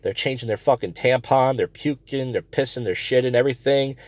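A man's voice: mid-range voice, fairly quick, dry recording. A man hosting a comedy podcast, ranting crudely and rambling between stories. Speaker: podcast host.

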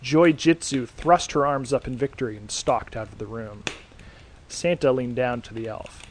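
A man narrating a scripted horror story in a dry, deadpan reading. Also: medium pitch, moderate pace, slight background noise. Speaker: podcast host and reader.

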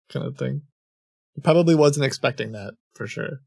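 A man's voice: medium pitch, normal speed, creaky, dark tone, slightly rough, dry recording, studio quality. A man streaming a scam-baiting call, amused and reading out chat and messages. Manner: amused, reads chat aloud.

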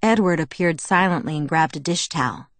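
Audiobook narrator, woman, lowish voice, close dry recording, measured first-person reading. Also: expressive, no echo.

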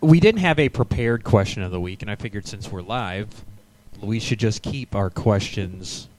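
A man's voice: on the low side, lively intonation, moderate pace, darkish tone, slight background noise. A man co-hosting a live sports podcast, chatting casually and rambling with frequent stammered restarts. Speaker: podcast co-host.

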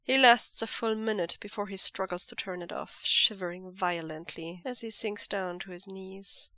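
A woman narrates fiction in a steady, measured voice at a middle pitch. The recording is close and dry, with no room echo around her. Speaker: podfic reader. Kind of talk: scripted narration of fan fiction.

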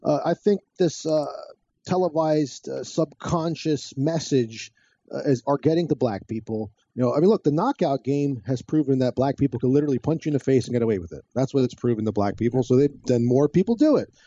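A man in a casual talk podcast, blunt and quick, speaking in asides. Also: mid-range voice, expressive, mellow, slightly rough, no echo. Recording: dull lo-fi sound.

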